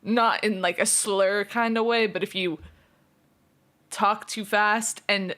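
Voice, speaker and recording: A young woman chatting casually on a live stream, talking fast, giggling and fretting over how she pronounces words. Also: mid-range voice, steady tone, a bit bright. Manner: fast-talking, giggly, self-conscious about her pronunciation.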